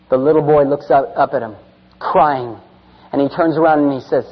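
A man preaching a sermon, swinging from loud, urgent delivery to hushed, near-whispered storytelling, then calling listeners forward. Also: mid-range voice, steady tone, normal speed, husky. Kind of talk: sermon with altar call. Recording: dull reverberant hall sound.

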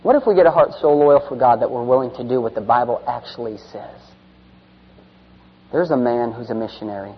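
A man preaching a sermon, swinging from loud, urgent delivery to hushed, near-whispered storytelling, then calling listeners forward. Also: mid-range voice, a little fast, husky. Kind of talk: sermon with altar call. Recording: dull reverberant hall sound.

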